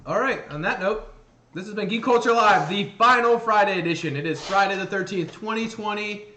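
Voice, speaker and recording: A man's voice: sits high, a little fast, pushed and bright. A man co-hosting a casual live show, telling stories animatedly, acting out voices and laughing often. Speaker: podcast co-host. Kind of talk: casual chat. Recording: echoey room with faint noise.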